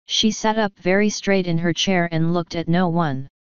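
A woman narrating an audiobook in a calm, even storytelling manner. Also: on the low side, normal speed, clear, resonant tone, no echo, lo-fi sound. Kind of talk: scripted narration.

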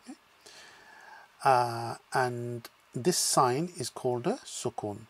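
Male teacher for a beginners' lesson, slow and deliberate, husky voice, drills syllables before blending them. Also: medium pitch. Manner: sounds out syllables one by one, then blends them; patient, with frequent "okay" check-ins. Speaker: language teacher.

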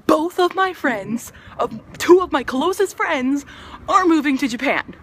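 A woman's voice: high voice, expressive, measured pace. A woman in her twenties talking casually in a video diary, bubbly, rambling and self-mocking. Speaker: vlogger.

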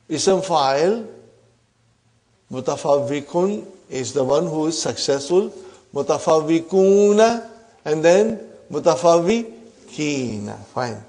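A man teaching an Arabic grammar class. He keeps questioning his students, prompts them with a quick "huh?", and calls them brothers and sisters. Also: on the high side, a little mellow.

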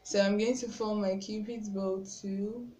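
Slow-talking Nigerian woman in an echoey room. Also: medium pitch, steady tone. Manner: chatty and self-conscious, often trailing off softly. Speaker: beauty vlogger. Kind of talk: casual makeup tutorial chat. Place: room at home. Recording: roomy with faint background noise.

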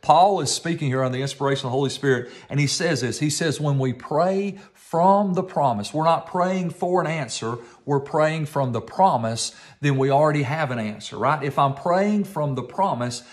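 A male pastor preaching a sermon, emphatic, with repeated phrases and words slowed for stress. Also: fairly high pitch.

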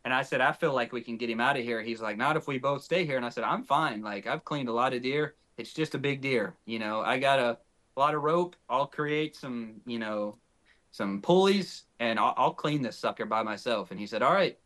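A man's voice: medium pitch, fairly quick. A young man from north Texas, a podcast guest, telling a story in casual chat and acting out the quoted dialogue. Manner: animated, acts out quoted dialogue.

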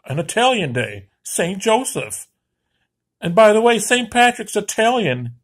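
A man's voice: high-pitched, very animated, unhurried, pitched above the performer's own voice, heavily acted. A man putting on the voice of a smug, self-important heritage bragger, whiny and mocking.

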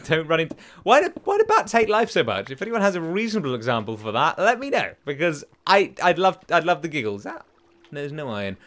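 A young man, chatty and excitable, hosting a casual game let's play and joking at his own expense. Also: fairly high pitch, brisk. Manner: chatty, excitable, self-mocking, sings silly chants. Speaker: gaming channel host.

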